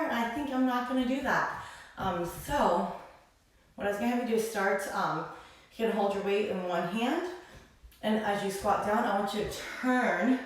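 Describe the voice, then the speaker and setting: A woman leading a live-streamed pelvic health workout, counting reps and cueing moves while slightly out of breath. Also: medium pitch. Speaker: pelvic health exercise instructor. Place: indoor room. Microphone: phone camera across the room. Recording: echoey room, voice far from the mic.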